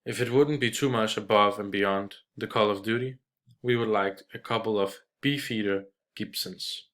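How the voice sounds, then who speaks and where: A man voicing a loud, boisterous middle-aged father who shouts and mocks a waiter. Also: fairly low pitch, normal speed, lightly acted. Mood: mocking. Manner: shouting, mocking.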